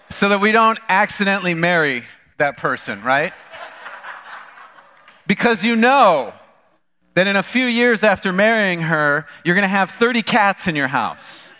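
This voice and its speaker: A man's voice: sits high, animated, measured pace, pauses often, sharp tone. A man preaching a sermon as pastor, conversational and jokey, with fillers and restarts. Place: church sanctuary. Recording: echoey large church hall.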